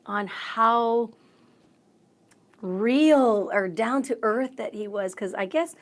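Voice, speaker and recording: A woman, a radio emcee, telling a story as a guest in a bubbly, excitable way, acting out the voices of the people in it. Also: fairly high pitch, slow. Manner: bubbly, excitable, acts out quotes. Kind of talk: animated storytelling in conversation.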